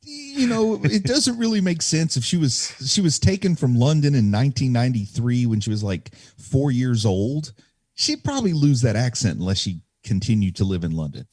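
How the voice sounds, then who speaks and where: A man co-hosting a podcast talks through his theories in a lively, animated way. His voice sits at a middle pitch but moves a lot. The sound is close and dry. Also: normal speed, dry recording. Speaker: podcast co-host. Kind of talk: casual chat.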